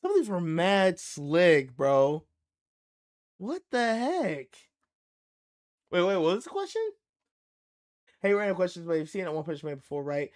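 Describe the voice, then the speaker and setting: A young man hosting a live reaction stream, talking in a casual, slangy and excitable way and laughing easily. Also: a little high, normal speed. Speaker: livestream reaction host.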